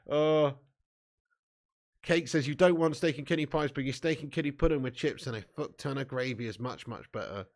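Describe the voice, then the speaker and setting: Chatty lad, laughing. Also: male voice, mid-range voice, moderate pace. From southern England. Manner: banters with chat, laughs often, swears, calls everyone mate. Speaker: fan channel host. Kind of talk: live match watch-along chat.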